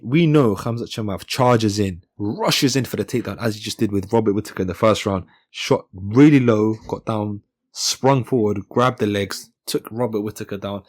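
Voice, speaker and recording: A man hosting his own channel, giving a casual, joking breakdown of upcoming fights and often correcting himself mid-sentence. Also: fairly low pitch. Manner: chatty and joking, with frequent self-corrections. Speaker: MMA channel host. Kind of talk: casual fight-analysis commentary.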